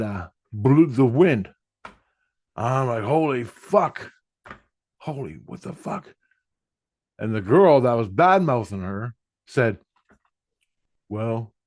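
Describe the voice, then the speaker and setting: A man's voice: medium pitch, darkish tone, dry recording. A middle-aged man telling a rambling, profane personal story about spiritual experiences. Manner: profane, meandering, blunt. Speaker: spiritual vlogger.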